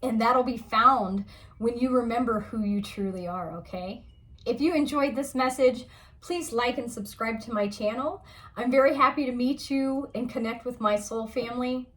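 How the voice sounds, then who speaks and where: Gentle, reassuring woman reading oracle cards. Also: fairly high pitch. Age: adult parent of a school-age child. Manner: gentle, reassuring, slow, grows tearful and emotional. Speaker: oracle card reader. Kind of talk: spiritual card reading to camera.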